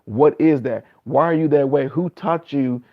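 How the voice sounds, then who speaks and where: Earnest man in his thirties, lo-fi stream. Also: normal speed. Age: 30s. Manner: earnest, repetitive, acts out other people's replies in a higher voice. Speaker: live stream host. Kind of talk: casual live-stream talk reading viewer comments.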